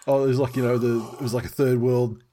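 A middle-aged man co-hosting a casual podcast, his voice sitting at an ordinary middle pitch. He rambles and restarts sentences constantly. He swears freely and breaks into laughter mid-story. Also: flat delivery, quick pace, a crowd in the background. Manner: rambling, self-interrupting, laughs often, sweary. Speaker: podcast co-host.

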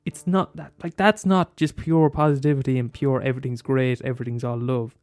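A man rambles about films in a casual, animated way, swearing often and leaping up in pitch when he gets worked up. His voice sits at a middling pitch. Faint guitar music plays behind him. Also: a little fast. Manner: animated, swears freely, bursts into high exclaims. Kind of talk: casual film chat.

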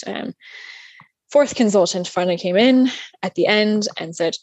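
A young woman chatting casually as a guest, recounting a personal story with lively, acted-out quotes and plenty of fillers. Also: mid-range voice, slow pace, dry recording. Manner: animated, acts out other people's lines; chatty with many fillers and restarts.

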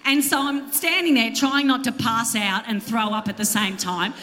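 Aussie woman ranting on stage, bright sharp voice, long echoey theatre sound. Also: fairly high pitch, normal speed, slight background noise. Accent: Australian. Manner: exasperated, self-mocking, swears, acts out other people. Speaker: comedian co-hosting a live podcast. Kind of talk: live stand-up storytelling. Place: theatre stage before a live audience. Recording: reverberant live theatre recording.

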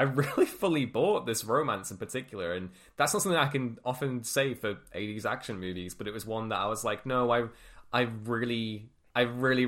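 A man's voice: lowish voice, fairly bright tone. A young man in his twenties, a podcast co-host, talking casually and enthusiastically about a film with many fillers and restarts. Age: 20s.

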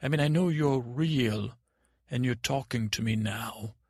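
A man's voice: medium pitch, unhurried, darkish tone, husky, no echo, clean studio sound. A man playing a timid, dreamy boy prince, stammering and meandering through an improvised bedtime story. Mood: rambling.

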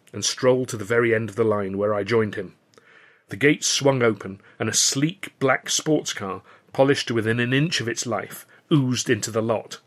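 A man's voice: mid-range voice, fairly bright tone. Man reading his own novel aloud. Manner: wry, measured storytelling. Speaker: author and reader of a serialized novel. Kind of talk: scripted first-person narration.

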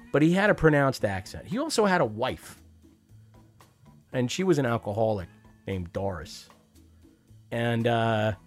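A man telling a wry, profane story about his childhood, now and then acting out the voices of the people in it. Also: mid-range voice. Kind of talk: personal storytelling monologue.

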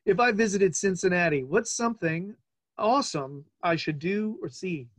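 Man, forties, high voice, playful, chatty host, casual interview. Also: expressive, fairly bright tone. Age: 40s. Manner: playful, chatty, quick asides. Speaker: podcast host.

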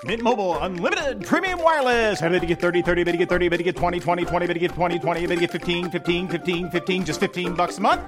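A man doing a rapid-fire male auctioneer. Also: high voice, close to an everyday voice. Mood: rapid chant. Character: fast-talking male reverse auctioneer. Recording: ad with music bed.

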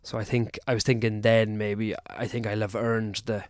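A man's voice: on the low side, little pitch movement, moderate pace, dry recording, studio quality. A man, a guest on a casual podcast, talking in a hesitant, self-deprecating way and often repeating himself. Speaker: podcast guest, endurance athlete.

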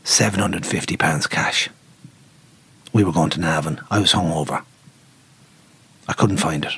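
A man's voice: sits low, moderate pace, vocal fry, fairly bright tone, slightly rough. An Irish man, middle-aged, telling a long anecdote in casual chat, swearing freely and acting out what people said.

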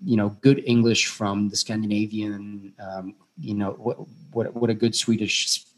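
A man's voice: on the low side, moderate pace. Chatty actor man, restless restarts. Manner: animated, many restarts and fillers, jumps into quoted voices. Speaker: actor guest. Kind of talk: casual podcast conversation.

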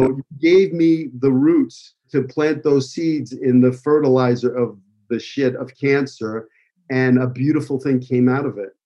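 A man's voice: mid-range voice, warm tone, lo-fi sound. A man with a New York accent giving an emotional, rambling tribute speech full of fillers. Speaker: acting school owner giving a tribute speech. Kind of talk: heartfelt personal speech.

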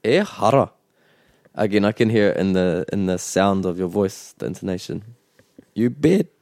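Man, lowish voice, as a patient language teacher who repeats words slowly. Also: creaky, warm tone, no echo, clean studio sound. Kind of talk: bilingual language lesson chat.

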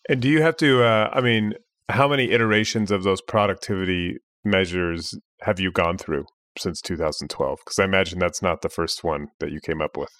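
A male interviewer with a very deep voice asks long, meandering questions. He talks in a conversational, easygoing way. The recording is dry and close. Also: fairly even intonation, fairly quick, a bit bright, no echo. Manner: loose, rambling questions.

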